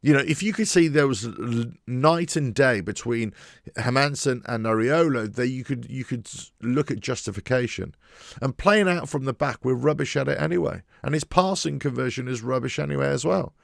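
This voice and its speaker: Male fan host, very gravelly, dry close sound, emphatic opinionated monologue. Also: medium pitch, normal speed, dry recording. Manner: emphatic, repetitive, frustrated. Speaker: football fan channel host. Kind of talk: opinionated solo commentary.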